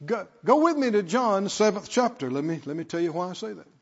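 Speaking a little fast in a high-pitched, expressive voice, a man preaches as pastor in a church sanctuary. He drives call-and-response and repeats phrases with emphasis, captured in a dull lo-fi recording with long reverb.

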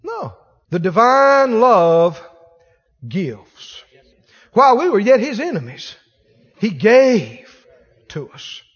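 A man's voice: high-pitched, slow, breathy edge, in a large hall, muffled recording. A man preaching a sermon as pastor, acting out the voices of the people in his stories. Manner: animated preaching, acts out quoted voices.

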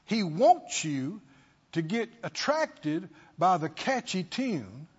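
A man's voice: sits high, big pitch swings, slow pace, breathy edge. A male preacher giving an emphatic sermon and throwing rhetorical questions at his congregation, in a dull lo-fi recording.

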